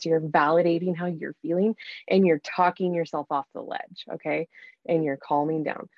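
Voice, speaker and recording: A woman's voice: low voice, fairly even intonation, moderate pace, dry recording, dull audio. A woman giving earnest, coaching advice in a conversational talk, often acting out what to say to yourself.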